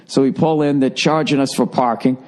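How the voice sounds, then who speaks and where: A man's voice: mid-range voice, fairly even intonation, a little fast, darkish tone. Profane rambling man telling a story. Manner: profane, rambling, self-mocking. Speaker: podcast host. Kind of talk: rambling solo podcast storytelling.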